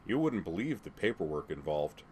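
A calm young man answers with dry, unruffled ease in a low voice, as a man reads him in a storybook. Faint hiss lingers under the reading. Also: a little fast.

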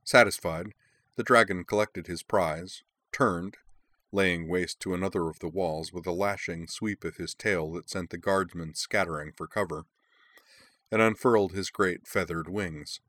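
A man narrating a fantasy story in a measured, expressive storytelling manner. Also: sits low, dry recording. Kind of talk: audiobook narration.

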